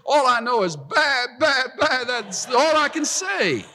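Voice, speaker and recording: A preacher acting out a pleading, unsure old shepherd. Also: male voice, very high voice, sing-song, slow pace, bright, forceful tone, big-room sound, voice pushed up, full character voice. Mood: exasperated. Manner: anxious, stammering pleading. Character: pleading, self-doubting old male shepherd.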